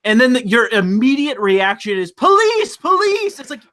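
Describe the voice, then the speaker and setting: A man with a bright, forceful and fairly high voice talks in a loose, casual way, swearing freely. He gets animated as he tells stories and jumps into high-pitched impressions of other people. Now and then his voice drops low. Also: a little fast. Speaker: streamer host. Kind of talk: casual chat.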